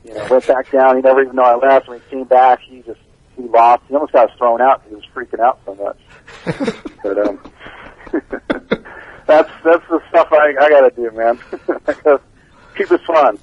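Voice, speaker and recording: A man giving a casual interview as a band's bassist, telling stories with a laid-back manner and frequent laughs. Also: moderate pace, pauses often. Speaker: band bassist, interview guest. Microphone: phone line. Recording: dull lo-fi phone call.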